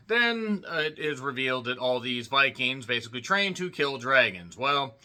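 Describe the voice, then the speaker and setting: A man's voice: medium pitch, animated, brisk, few pauses, pushed and bright. A man reviewing a movie in a casual spoken style, full of sarcastic, joking asides.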